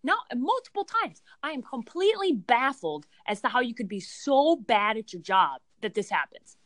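A woman's voice: a little high, sing-song, moderate pace, fairly bright tone, dry recording, poor audio. A woman co-hosting a casual sports podcast, ranting in an emphatic, exasperated way. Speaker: podcast co-host.

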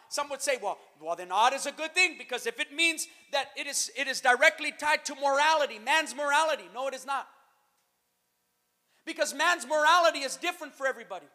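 High-voiced preaching pastor in echoing hall. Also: male voice. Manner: preaching, swings to shouted emphasis, calls out to the church. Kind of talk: sermon. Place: church. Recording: long reverb of a hall.

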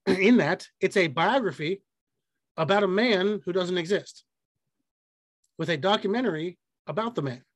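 Young guy cohosting a podcast, kinda high voice, rambly and jokey, dry close mic. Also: no echo. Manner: rambling, joking, swears casually. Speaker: podcast co-host. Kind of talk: casual chat.

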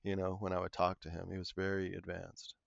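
Gravelly low-voiced man telling a story. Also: completely flat delivery, no room sound. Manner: earnest, halting storyteller. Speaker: podcast guest. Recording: muffled lo-fi audio.

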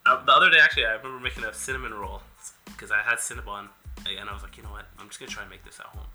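A young man co-hosting a podcast in casual chat, joking and animated, often trailing off softly. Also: fairly low pitch, rapid-fire, soft background music. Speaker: podcast co-host.

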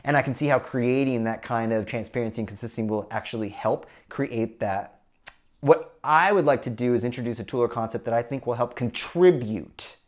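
Middle-aged male consultant, casual and profane, mid-pitched voice, tells stories and acts out the people in them. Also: a little fast. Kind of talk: storytelling talk.

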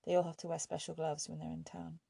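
A woman's voice: deep voice, level tone, fast, gravelly, slightly rough, no room sound, studio quality, exaggerated voice. A woman reading a frightened teenage girl. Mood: hushed worry. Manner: soft, hesitant.

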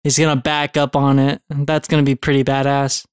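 A man's voice: mid-range voice, monotone, normal speed, smooth, dry recording, studio quality. A man chatting casually and cracking jokes while reacting to a movie. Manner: laid-back, swearing, wisecracking.

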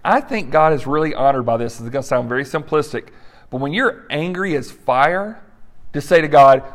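A man, a pastor, leading a conversational faith discussion and closing in prayer, earnest and quick to laugh. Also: a little high, expressive, fairly bright tone. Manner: earnest, laughs often, acts out quoted prayers.

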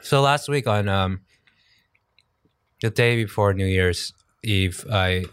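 A man's voice: lowish voice, slow pace, fairly bright tone, smooth. A man co-hosting a podcast in casual chat, easygoing and laughing often as he tells stories. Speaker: podcast co-host.

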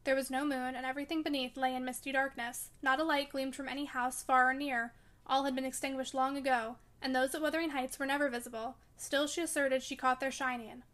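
A woman reading a classic novel aloud in a measured, even storytelling manner. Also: sits high. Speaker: reader. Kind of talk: audiobook narration of a classic novel.

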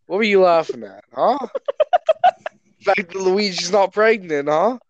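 A man's voice: high-pitched, measured pace, no room sound, dull audio. A teenage boy chatting casually with friends, teasing them and laughing often. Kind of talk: casual chat among friends.

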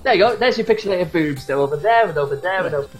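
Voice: medium pitch, lively intonation, racing, low-quality recording. Chatty podcast co-host reminiscing. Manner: chatty, reminiscing, quotes scenes. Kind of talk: casual chat about retro video games.

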